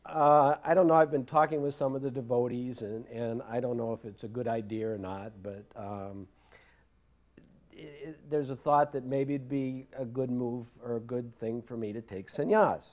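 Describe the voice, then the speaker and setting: A man's voice: mid-range voice, normal speed, darkish tone. An older man casually recalling his past in an interview, rambling and self-deprecating, laughing often. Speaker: devotee recalling memories.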